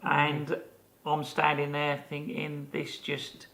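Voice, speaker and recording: Speaking slowly in a voice on the high side, this man in his fifties co-hosts a podcast. He shares a lively story during casual chat and performs the voices of those he quotes.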